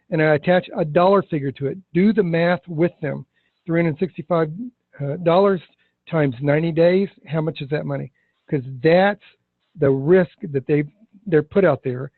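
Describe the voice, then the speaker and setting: A man teaching insurance agents in a sales training session, stressing key words and slowing down for effect. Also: a little high, dry recording, phone-quality sound. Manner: emphatic, slows down to stress words.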